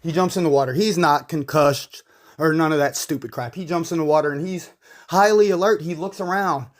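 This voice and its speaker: A man's voice: fairly high pitch, brisk. A man giving casual video commentary in a blunt, opinionated, rambling way. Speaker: YouTube commentator.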